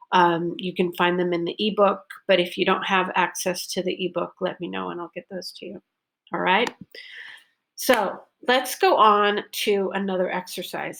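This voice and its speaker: Female teacher, slow and deliberate delivery, models stressed words clearly for practice. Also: mid-range voice, fairly bright tone. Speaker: pronunciation teacher. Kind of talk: recorded online lesson.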